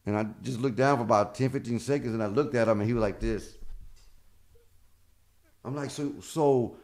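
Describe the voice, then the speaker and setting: At a normal speed and medium pitch, a comedian guest tells stories in a laid-back chat. He's animated, performs the voices of the people he quotes, and swears freely.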